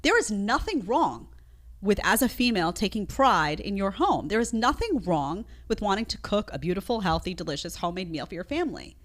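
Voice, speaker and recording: A woman's voice: medium pitch, sing-song, fairly quick. A woman commenting on a played clip with an indignant, sarcastic, emphatic manner. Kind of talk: opinionated commentary.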